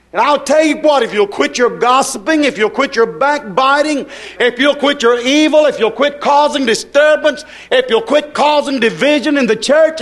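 A man preaching a sermon in an emphatic, repetitive cadence, breaking into shouts. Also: very high-pitched.

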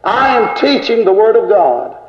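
High-voiced older preacher on old tape. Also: male voice, big pitch swings, normal speed. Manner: emphatic, repetitive, scolding preaching. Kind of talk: sermon. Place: church. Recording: echoey lo-fi church tape.

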